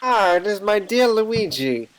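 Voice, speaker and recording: A man voicing a pompous old gentleman detective from a video game, with formal, drawn-out phrasing. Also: sits high, big pitch swings, pitched above the performer's own voice, rough recording. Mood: genteel.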